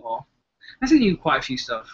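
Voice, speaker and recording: A man's voice: mid-range voice, wildly swooping pitch, fairly quick, slightly rough. A young man with an English accent, co-hosting a casual live chat, rambling and hesitant and swearing freely. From England. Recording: dull lo-fi webcam audio.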